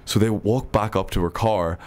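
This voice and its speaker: A man, a radio show guest, telling a scary anecdote in a hushed storytelling voice with lots of fillers. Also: on the low side, fairly even intonation, moderate pace.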